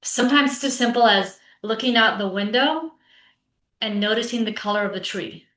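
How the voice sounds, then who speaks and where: A woman presents to teachers in an online session, speaking as a coach in an easy, conversational way. Her voice sits a little high and is bright and forceful. She often tags her points with a quick "right?" while the sound rings with a roomy echo. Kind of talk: conference talk to teachers.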